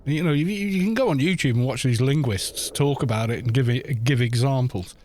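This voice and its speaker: A streamer from North Wales, with an accent mixing North Welsh and southern English, chats casually on a game livestream, rambling with many restarts. His voice is medium-pitched and a little mellow, at a moderate pace, with slight background noise.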